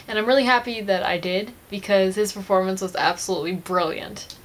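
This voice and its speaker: A woman's voice: medium pitch, steady tone, fast talker. A young woman vlogging a casual, chatty movie review, gushing like a fan and giggling often.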